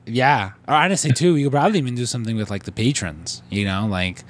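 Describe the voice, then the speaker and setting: A man's voice: medium pitch, fast. Male podcast co-host, casual storyteller, rambling, profane, lots of fillers.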